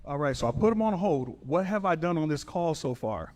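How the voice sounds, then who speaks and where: A man performing a stand-up bit, telling a work story in an animated, punchy way. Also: fairly high pitch, fairly quick. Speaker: stand-up comedian. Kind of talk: stand-up set.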